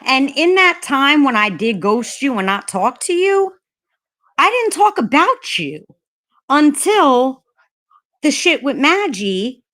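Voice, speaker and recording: A woman's voice: high-pitched, sing-song, slow pace, fairly bright tone. A woman hosting a livestream chat, ranting heatedly and swearing a lot. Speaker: livestream host.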